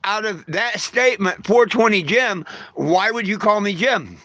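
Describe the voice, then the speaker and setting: An older man with a high, sharp, bright voice, recorded close and dry. He talks in a folksy, plain-spoken way and turns combative and crude when he answers his critics. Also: a little slow, no echo. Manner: folksy storyteller with homespun grammar. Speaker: vlogger. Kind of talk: casual rant to camera.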